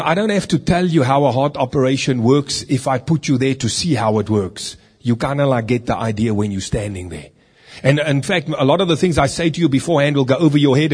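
A man's voice: medium pitch, a little mellow, breathy edge. A man preaching a sermon in a conversational way, with rhetorical questions and stories from his meetings.

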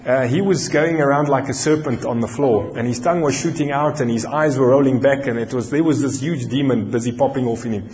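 South African preacher, slow emphatic delivery. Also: male voice, medium pitch, a little hiss or hum. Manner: animated storytelling, slows down for emphasis. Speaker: pastor. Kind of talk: sermon with personal story. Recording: long hall reverb.

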